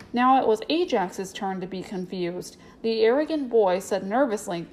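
A woman narrating a storybook in a steady, clear way. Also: a little high, normal speed, few pauses, slight background noise, poor audio. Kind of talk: storybook reading.

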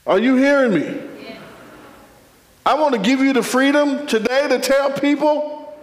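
A man preaching a sermon with a playful, animated delivery, full of laughing asides and calls to the congregation. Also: very high-pitched, a little slow. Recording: echoey hall.

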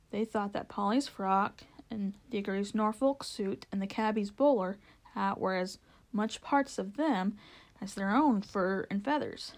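Woman reading a children's story aloud. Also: medium pitch. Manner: steady storytelling with occasional stumbles and restarts. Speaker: narrator.

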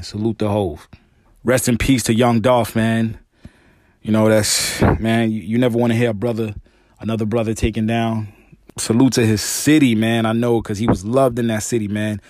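Alone on his own podcast, a man with young children talks loosely, dropping "man" and "you know" constantly and getting heated and emphatic when he rants. His fairly low voice is a little mellow, recorded studio-clean with no echo.

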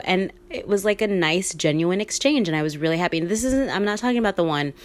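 A woman talks through her solo podcast in a low, hushed half-whisper. She is candid and chatty, swears freely and laughs often as she rambles through her opinions. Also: lively intonation, quick pace, hardly any pauses. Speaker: podcast host. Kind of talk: casual solo podcast monologue.

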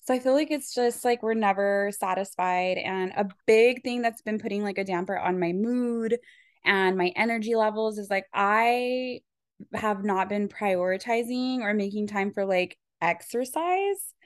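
A woman's voice: medium pitch, measured pace, no room sound, studio quality. A woman hosting a podcast in casual chat, talking in a chatty, rambling way with lots of filler words. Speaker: podcast host.

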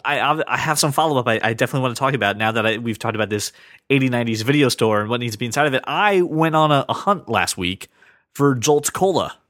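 A man hosting a casual podcast, rambling and repeating words when he gets excited. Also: medium pitch, fast, dry recording, studio quality. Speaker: podcast host.

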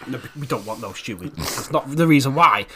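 A man co-hosting a comedy podcast, his mid-pitched voice swinging up and down with plenty of life. He laughs often and swears freely in relaxed, joking banter. A faint hiss of noise sits under the recording. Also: brisk. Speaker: podcast co-host.

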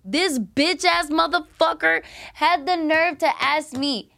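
A woman's voice: sits high, slow pace, gravelly, bright, forceful tone. Blunt, profane young woman telling her story. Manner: blunt and profane, heavy use of "like". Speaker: podcast guest. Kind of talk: candid personal storytelling.

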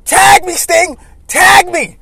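A man putting on the voice of a brash, scheming male wrestler who coaxes and then shouts to rally a crowd. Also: high-pitched, expressive, moderate pace, no echo. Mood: hyped shouting.

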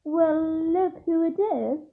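A woman reading aloud voices a sneering rich schoolboy who talks in a slow, lazy drawl. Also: very high-pitched, vocal fry, voice pushed up, exaggerated voice. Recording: tinny phone-like sound.

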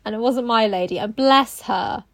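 High-voiced woman telling stories. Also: moderate pace, fairly bright tone. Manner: chatty storyteller, acts out quotes, laughs often. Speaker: podcast co-host. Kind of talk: casual chat.

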